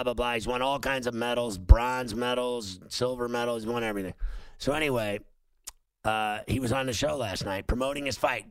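A man's voice: mid-range voice, gravelly, fairly bright tone, no room sound, rough recording. A middle-aged man, a talk show host telling a long story in a casual, rambling way with many fillers and restarts.

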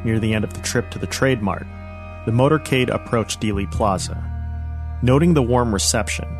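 A man narrating a history podcast as host, in a measured, even storytelling manner. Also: mid-range voice, soft background music.

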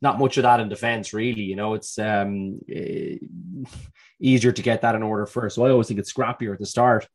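A man's voice: lowish voice, fairly even intonation, fairly quick. A man co-hosting a podcast, talking in a laid-back, hesitant way with fillers. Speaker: podcast co-host. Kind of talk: casual podcast chat.

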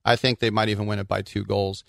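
A man from the Bay Area co-hosting a soccer podcast, chatting casually and telling animated stories with frequent laughs. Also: fairly low pitch, fast, creaky, dry recording, clean studio sound. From Bay Area, California. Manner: animated storyteller, laughs often. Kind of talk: casual sports chat.

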